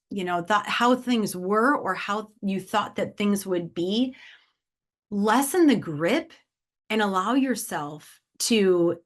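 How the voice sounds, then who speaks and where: A woman in her forties hosting a solo motivational podcast, talking in an upbeat, conversational way with lots of "right?" and "like". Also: medium pitch. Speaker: podcast host.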